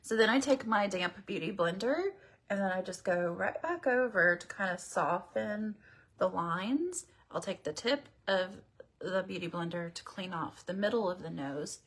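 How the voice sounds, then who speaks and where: A woman's voice: medium pitch, animated, a little slow, fairly bright tone, slightly rough. A woman hosting a casual makeup tutorial livestream, chatting and rambling to her viewers as she works. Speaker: beauty livestream host.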